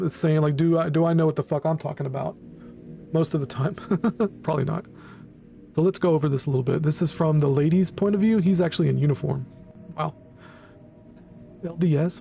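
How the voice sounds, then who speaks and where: A man giving casual reaction commentary, rambling and blunt, swearing often and filling pauses with ums and "right?". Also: on the high side, creaky, dark tone. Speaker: commentary channel host.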